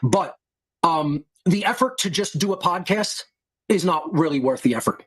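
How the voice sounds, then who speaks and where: A man's voice: fairly high pitch, expressive, normal speed, slightly rough. A man hosting a podcast, lecturing his listeners in a heated, contemptuous rant full of insults and profanity. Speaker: podcast host.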